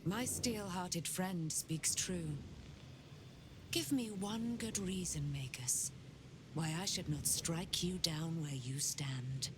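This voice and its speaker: A woman's voice: fairly low pitch, slow pace. An actress playing a proud, fierce immortal noblewoman warrior who speaks in a haughty, commanding, scornful manner. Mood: stern. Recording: game audio with noise.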